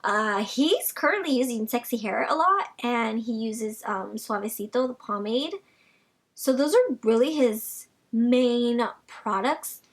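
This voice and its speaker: A young woman vlogger answers viewer questions in a loose, rambling way, full of "like" and restarts. Her voice sits fairly high and has a breathy, slightly husky grain. She sometimes sinks into a soft near-whisper. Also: measured pace. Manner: chatty, rambling, many "like" fillers. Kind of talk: casual Q&A vlog chat.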